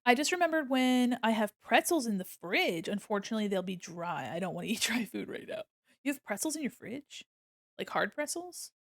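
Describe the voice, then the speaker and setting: Giggly woman streamer with a gravelly edge. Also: fairly high pitch, big pitch swings, a little fast, dry recording, studio quality. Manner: chatty and giggly, explains her steps as she works. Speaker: art streamer. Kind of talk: casual livestream chat while drawing. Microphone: desk microphone.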